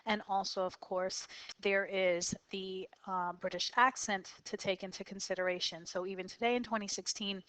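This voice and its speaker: A woman teaching a poetry lesson, explaining patiently and slowly with occasional fillers. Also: mid-range voice, steady tone, a bit bright, clean tone, poor audio. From United States. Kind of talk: classroom lecture on poetry.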